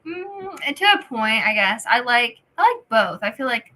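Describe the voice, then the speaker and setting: A woman's voice: on the high side, very animated, normal speed, sharp tone. A young woman, a podcast guest, chatting casually in a laid-back way and hedging her opinions. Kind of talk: casual chat.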